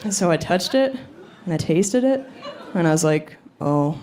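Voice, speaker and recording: A woman's voice: fairly low pitch, animated, moderate pace, warm tone, a faint crowd. Woman doing punchy stand-up storytelling. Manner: punchy storytelling, acts out quotes, laughs at her own jokes. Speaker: stand-up comedian. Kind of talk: stand-up comedy set. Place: comedy club stage with live audience laughing. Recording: live club recording, audible room noise.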